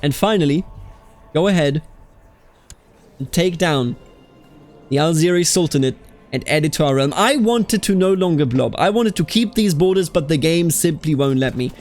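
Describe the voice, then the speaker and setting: A man hosting a strategy game let's play, chatting casually with exasperated outbursts and reading game events aloud. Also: a little high. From Bavaria. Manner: animated, exasperated outbursts, calls people dude.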